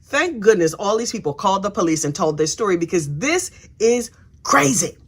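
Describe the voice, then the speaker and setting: A woman's voice: mid-range voice, big pitch swings, normal speed, slightly rough. A woman giving a sassy, chatty, casual recap of a trial, acting out the people she quotes. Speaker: true crime commentator. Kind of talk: casual true crime recap.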